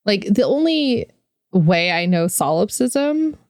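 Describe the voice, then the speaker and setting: A woman's voice: mid-range voice, sing-song, takes it slowly, darkish tone, no echo, studio quality. A woman co-hosting a podcast, chatting casually with many fillers and reading lore text aloud. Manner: chatty, filler-heavy, laughs often. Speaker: podcast co-host.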